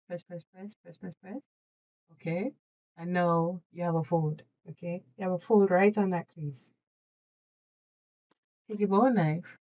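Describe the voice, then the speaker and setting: A woman hosting a casual hands-on craft tutorial at her desk at home, chatty and excitable, laughing often and correcting herself mid-sentence. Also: fairly low pitch, muffled recording.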